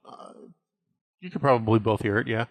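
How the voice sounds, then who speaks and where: A man's voice: on the low side, a little fast, no room sound. A man narrating as game master of a tabletop role-playing game, easygoing, with fillers.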